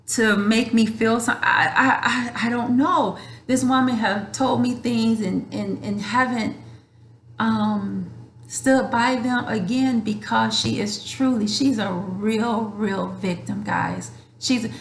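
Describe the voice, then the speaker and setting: A woman vlogger speaks straight to her viewers, earnest and emotional, circling back over her words. Her voice has a gravelly edge in a roomy, echoey room at home. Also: a little high, slight background noise. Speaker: channel host. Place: home room with a dryer running.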